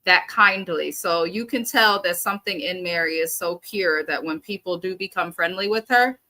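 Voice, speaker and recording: A woman's voice: on the low side, normal speed, sharp tone, low-quality recording. A woman co-hosting a casual reality TV recap, sharing earnest opinions. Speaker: podcast co-host.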